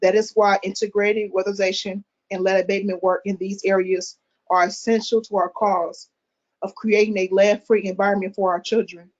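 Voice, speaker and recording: A woman reading a prepared statement at a council hearing as a concerned mother, in a steady, even delivery. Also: mid-range voice, fairly quick. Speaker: public commenter, concerned mother. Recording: dull, muffled call audio.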